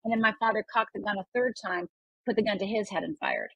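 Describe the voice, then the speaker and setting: A woman's voice: mid-range voice, quick pace, slightly rough, no room sound, dull audio. An older woman from Upper Michigan, a guest telling a personal story in an earnest, emphatic way. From Upper Michigan, United States.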